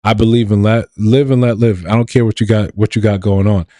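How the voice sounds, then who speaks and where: A man's voice: lowish voice, steady tone, brisk, mellow, no room sound. A man from New York hosting a casual live stream, talking loosely to his chat with laughs and restarts.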